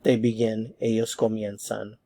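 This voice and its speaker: A man teaching a Spanish grammar lesson, explaining step by step in a patient, methodical way and slowly repeating each verb form. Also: lowish voice, level tone, warm tone.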